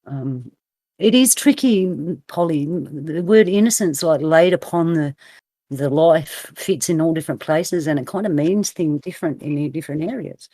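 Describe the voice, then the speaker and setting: A woman with an Australian accent hosting a casual roundtable discussion, playful and quick to laugh. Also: sits low, expressive, mellow, no room sound. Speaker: roundtable host.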